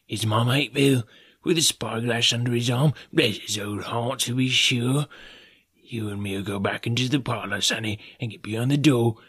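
A man reading an audiobook, voicing a sly, fawning middle-aged male pirate in a husky, wheedling way. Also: lowish voice, fairly bright tone, no echo. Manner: wheedling, half fawning, half sneering. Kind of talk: audiobook character voice.

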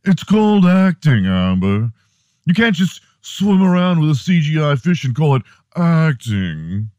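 A fed-up male movie star whines melodramatically in a put-on British lilt, as a man puts on the voice. He pitches up above his natural register and rises in volume when outraged. The sound is dry and close. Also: very animated, measured pace, darkish tone, no echo, dull audio. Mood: exasperated. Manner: whiny, melodramatic.

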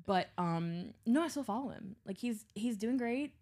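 A woman's voice: a little high, moderate pace. A young adult woman co-hosting a podcast, telling stories in casual chat with lots of swearing and voices for the people in them. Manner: animated storyteller, swears freely, does voices of people in her stories. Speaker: podcast co-host.

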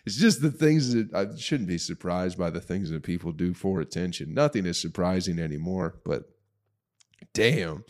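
A man with a somewhat low voice rants profanely as a show host. His talk is crude, mocking and full of scorn. He keeps a casual comedic-rant style throughout. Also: expressive, normal speed, darkish tone. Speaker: podcast host.

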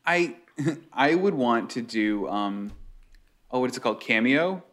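A man's voice: mid-range voice, expressive, unhurried, a bit bright. A married man co-hosting a podcast, chatting in an easygoing way. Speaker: podcast co-host. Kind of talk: casual chat.

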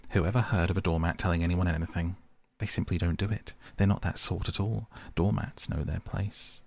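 A man's voice: low voice, steady tone, brisk, creaky, a little mellow, no room sound. A man voicing a fussy, stubborn male mole who grumbles and complains in a petulant way.

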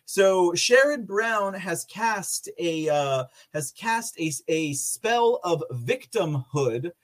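A man's voice: high voice, lively intonation, slow pace. A man hosting a political commentary podcast, sarcastic and often laughing. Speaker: podcast host.

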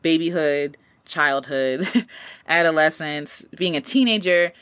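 Woman, late 20s, podcast host; casual slangy advice, lower voice but bright, dry recording. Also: slow pace, clean tone, dry recording. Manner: animated, slangy, pitch jumps up for emphasis.

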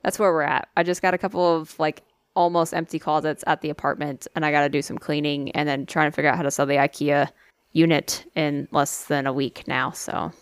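A woman's voice: low-pitched, steady tone, a little fast, clear, resonant tone, dry recording. A woman in casual chat, telling rambling, profane stories with lots of animation.

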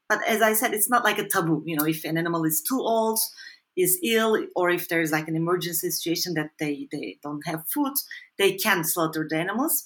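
A woman's voice: fairly low pitch, a bit bright. Hesitant, thoughtful woman researcher. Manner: thoughtful, hesitant, many fillers and restarts. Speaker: author and researcher guest. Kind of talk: conversational interview answer.

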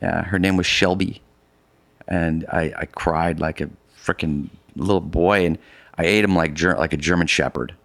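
A middle-aged man telling a long story in a casual conversation, animated and rambling with many restarts. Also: low-pitched, moderate pace, vocal fry, dry recording. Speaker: guest, polar expedition adventurer.

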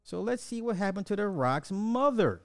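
A man hosting a casual livestream, reading chat questions in an animated, slangy way with lots of repetition and swearing. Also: high voice, normal speed, no room sound, clean studio sound.

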